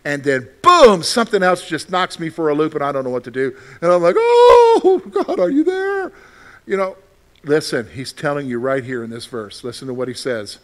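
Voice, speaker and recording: A man preaching a sermon as pastor, acting out frantic prayers and then dropping to soft, reassuring words. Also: mid-range voice, animated, fairly quick.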